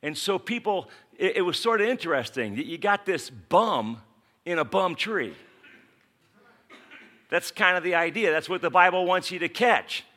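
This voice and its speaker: A man preaching from the pulpit with a bright, forward voice. He tells a Bible story with lively storytelling and slips into the voices of its characters. His talk is casual and direct, a pastor speaking to his congregation. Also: high-pitched, moderate pace. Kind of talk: sermon.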